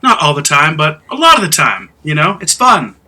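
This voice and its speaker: A man hosting a casual podcast, animated, laughing often and acting out quotes loudly. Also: fairly high pitch, moderate pace. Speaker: podcast host.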